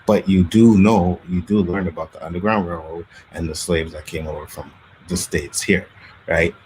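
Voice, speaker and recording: A man's voice: low voice, moderate pace, slight background noise, poor audio. A Canadian man hosting a casual chat, telling stories animatedly and laughing often. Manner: animated storytelling, acts out quotes, laughs often. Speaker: podcast host.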